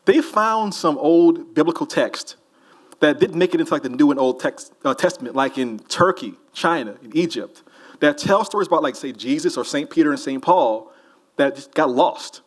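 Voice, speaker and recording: This is a man who speaks in a somewhat high voice. He answers audience questions in a relaxed way, wandering through his thoughts and tossing jokes to the room. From New Orleans. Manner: loose, rambling, joking with the crowd. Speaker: author on a festival panel. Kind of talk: casual audience Q&A. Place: festival hall with a live audience.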